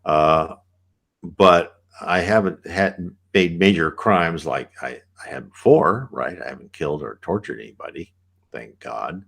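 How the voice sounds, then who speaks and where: A man's voice: low-pitched, unhurried, gravelly, a bit bright, husky. An American man hosting a channel, answering viewer questions in a rambling, conversational way and often asking "right?". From United States. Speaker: channel host.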